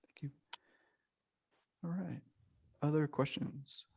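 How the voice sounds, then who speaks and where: Gravelly-voiced man hosting a workshop. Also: fairly high pitch, steady tone, slow pace, a little mellow. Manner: conversational, encouraging, addresses participants by name. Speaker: workshop host. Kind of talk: casual coaching talk to an online group.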